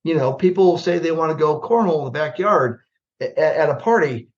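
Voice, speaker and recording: An older man from the US Midwest, a retired army general telling anecdotes as a podcast guest, plainspoken and lively when he acts out remembered exchanges. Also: on the high side, brisk, highs cut off. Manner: plainspoken, animated storyteller who acts out remembered dialogue. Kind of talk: conversational storytelling on a podcast.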